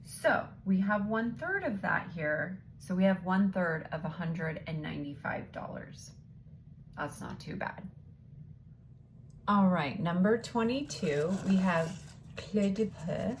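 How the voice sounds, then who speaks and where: A woman's voice: lowish voice, lively intonation, measured pace, a little hiss or hum. A woman vlogger chatting casually as she unboxes beauty samples, thinking aloud and now and then dropping into a whisper.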